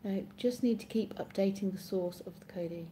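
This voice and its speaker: A woman with an English accent, from Oxfordshire, England, chats on a live stream, reading viewer comments aloud and rambling with frequent self-corrections. She talks at normal speed in a medium-pitched, dark voice over slight background noise.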